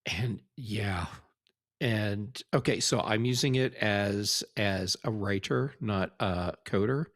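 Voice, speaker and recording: A man co-hosting a tech podcast, talking in a relaxed, rambling way with many fillers. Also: on the low side, slow, no echo, clean studio sound. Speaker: podcast co-host. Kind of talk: casual tech podcast chat.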